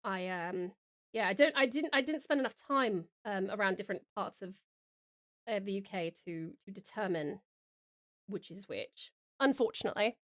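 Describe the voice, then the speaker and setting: A woman's voice: mid-range voice, normal speed, fairly bright tone, no room sound, studio quality. A woman from Australia, a streamer and voice actor, chatting casually on a livestream, full of ums and calling viewers darling.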